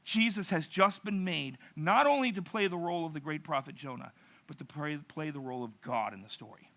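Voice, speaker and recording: A middle-aged pastor telling a narrative sermon, acting out quotes with dramatic pauses. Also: male voice, on the high side, sharp tone.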